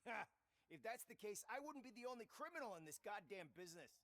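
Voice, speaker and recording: A combative, foul-mouthed actor for a video game. He sneers and jabs with a lively, swooping voice. His arrogance and paranoia come through in every line. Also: high voice, fast talker, dry recording, full character voice. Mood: smug.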